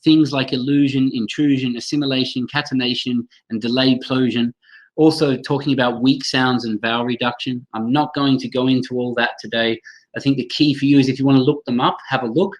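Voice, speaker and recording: A man's voice: medium pitch, steady tone, fairly quick, low-quality recording. A man running a live webinar for teachers, speaking enthusiastically, calling on attendees by name and modelling pronunciation aloud over a computer mic. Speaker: teacher trainer hosting a webinar.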